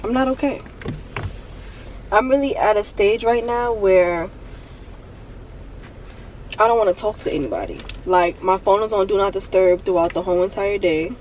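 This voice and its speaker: A young woman vlogging from her car, venting and on the verge of tears, talking in a halting way and repeating herself. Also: mid-range voice, a little mellow, recorded from a distance, slight background noise, low-quality recording. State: emotional, near tears. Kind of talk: emotional confessional vlog. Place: parked car.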